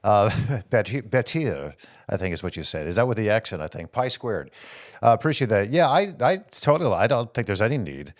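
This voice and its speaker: A man hosting a political talk show, reading viewer comments and answering them with animated rhetorical questions. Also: lowish voice, fairly quick, no room sound, studio quality. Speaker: host.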